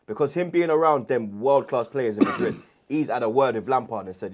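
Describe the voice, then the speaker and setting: A man, chatting casually as a football pundit and telling stories in a lively, slangy way. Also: mid-range voice, a little fast. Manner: animated storyteller, slangy. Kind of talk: casual chat.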